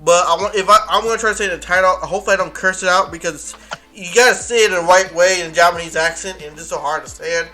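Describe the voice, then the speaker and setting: A man hosts a casual chat interview. His voice sits high and bright, and he talks in rambling bursts, stopping, restarting and correcting himself as he goes. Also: quick pace, faint music behind. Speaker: interview host.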